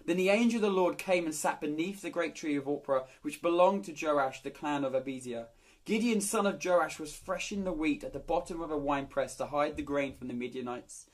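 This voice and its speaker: A man reads a passage of Scripture and then talks it through in an easy, chatty sermon, his voice sitting a little high. He speaks plainly, with the odd filler and restart. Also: brisk. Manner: relaxed, conversational, with fillers. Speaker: preacher. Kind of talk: Bible reading and casual sermon.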